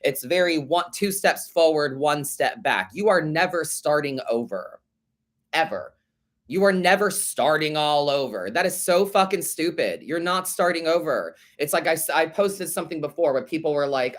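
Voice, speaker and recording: A man's voice: on the high side, lively intonation, moderate pace. A man hosting a live tarot podcast, answering listener letters in a sassy, profane way, calling listeners babe and honey and repeating his points for emphasis. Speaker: podcast host and tarot reader.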